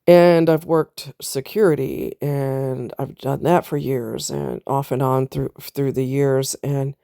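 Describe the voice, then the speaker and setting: A middle-aged woman vlogger with a low-pitched, dark-toned voice tells a personal story straight to her viewers. She's candid and casual, using southern US slang, and the recording is dry with clean studio sound.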